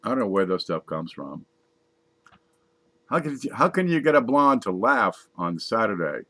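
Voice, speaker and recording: A man's voice: on the low side, very animated, normal speed, fairly bright tone, slight background noise. A man casually reading jokes aloud, laughing at his own punchlines and adding wry asides. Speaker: comedy joke reader.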